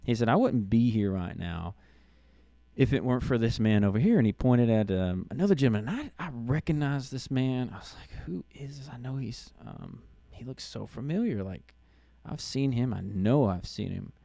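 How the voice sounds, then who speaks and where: A middle-aged man, a podcast host, telling a personal story in a casual, halting way with many restarts and fillers. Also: mid-range voice, expressive, vocal fry, warm tone, no echo.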